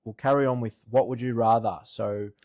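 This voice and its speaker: A man with an Australian accent, a podcast co-host chatting in a relaxed, easygoing way. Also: medium pitch, normal speed. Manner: relaxed, easygoing, brief replies. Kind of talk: casual chat.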